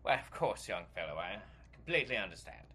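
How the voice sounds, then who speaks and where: Brief: pompous famous actor with a British accent, put on by a man, patronizing, animated delivery. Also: fairly low pitch, quick pace, husky, voice pushed down, exaggerated voice. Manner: grand and patronizing, calls others 'dear fellow' and 'chap'. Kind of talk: comedy sketch.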